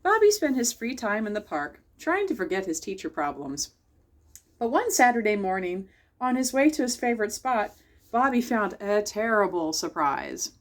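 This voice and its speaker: A woman librarian reading a bedtime picture book aloud to children, expressive and speaking directly to her young listeners. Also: medium pitch, normal speed.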